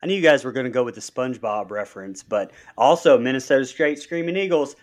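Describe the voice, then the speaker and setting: A man co-hosting a podcast, chiming in casually with quick movie trivia and jokes. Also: medium pitch. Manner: quick trivia asides, joking. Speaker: podcast co-host.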